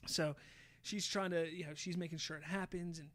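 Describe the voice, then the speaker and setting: A man hosting a podcast, casually retelling a show's plot with lively, swear-laden storytelling. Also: fairly high pitch, moderate pace. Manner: animated storyteller, swears freely, acts out quotes. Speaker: podcast host.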